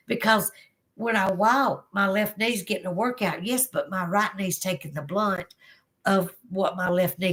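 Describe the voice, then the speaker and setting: Chatty Southern woman hosting a livestream. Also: mid-range voice. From Southern United States. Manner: chatty, giggly, drawling, warm-hearted with viewers. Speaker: livestream host. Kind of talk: casual livestream chat reading comments.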